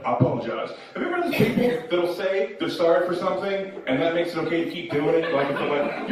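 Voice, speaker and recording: Animated stand-up comic in an echoey club. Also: male voice, high voice, fast, hardly any pauses, crowd noise. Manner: animated, loud bursts when acting out characters. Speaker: stand-up comedian. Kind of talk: stand-up storytelling. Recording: echoey room, heard from a distance.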